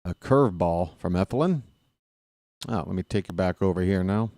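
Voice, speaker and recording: Baltimore-accented man, fan-style solo play-by-play; low-pitched, dry close sound. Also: moderate pace, no room sound. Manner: excited fan rooting for his team. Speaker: play-by-play announcer. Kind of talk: solo baseball play-by-play commentary.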